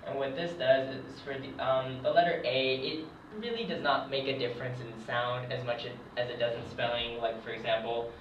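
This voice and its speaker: Writing at a board in a room, a young adult man teaches a casual French lesson as a hobbyist, hesitant and full of ums. He speaks at medium pitch with a flat delivery and moderate pace, caught on dull, echoey, distant lo-fi camera audio with slight background noise.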